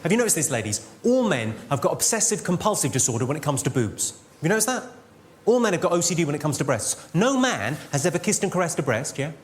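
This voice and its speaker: A man's voice: fairly high pitch, big pitch swings, fast talker. A man telling dry, bawdy stand-up stories. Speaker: stand-up comedian. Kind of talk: stand-up comedy. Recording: loud noisy live recording.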